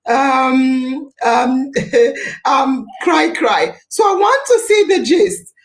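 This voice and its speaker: A woman hosting a live talk show, emphatic and animated, repeating her phrases for effect. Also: sits high, very slow. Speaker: podcast host.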